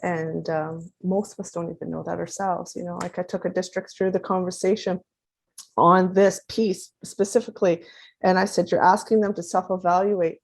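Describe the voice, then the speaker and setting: A woman in her fifties giving a conference talk as a parent advocate, animated and acting out quoted dialogue as she explains. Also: lowish voice, moderate pace, gravelly. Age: 50s.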